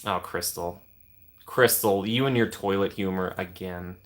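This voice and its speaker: A man's voice: low-pitched, measured pace. A young man casually chatting on a live stream, reading and answering viewer comments with playful teasing.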